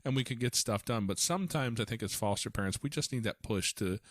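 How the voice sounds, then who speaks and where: A man's voice: medium pitch, fast talker, no echo. A man hosting a podcast as a foster parent, telling stories casually with lots of restarts. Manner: storytelling, animated, frequent restarts.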